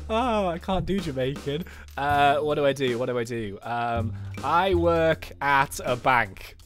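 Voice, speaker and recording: A man's voice: fairly high pitch, lively intonation, unhurried, a bit bright, soft background music. A man doing chatty, self-mocking gameplay commentary as a YouTuber.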